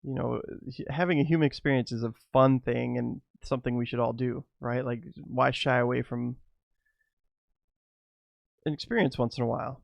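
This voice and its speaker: A man's voice: medium pitch, steady tone, moderate pace, vocal fry, no echo. A middle-aged man telling rambling personal stories to his viewers, laughing often between lines. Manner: loose and rambling, many fillers. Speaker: vlogger. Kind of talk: casual storytelling to camera.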